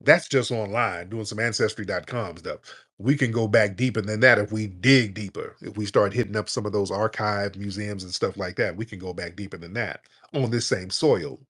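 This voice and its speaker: A man's voice: on the low side, normal speed, husky. A man hosting a live audio chat, ranting bluntly and profanely. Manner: blunt, profane, animated rant. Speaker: host.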